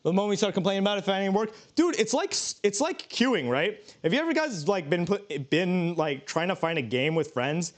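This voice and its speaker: Male streamer, casual cooking chat, rambles and jokes, slightly high voice. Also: expressive, a little fast, few pauses. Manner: rambling, joking, many restarts.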